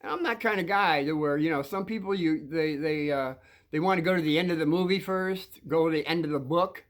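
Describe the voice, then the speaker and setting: A man in his sixties, hosting a kids' show, speaks briskly in a slightly high voice as he rambles through anecdotes. He chuckles between thoughts and restarts sentences often.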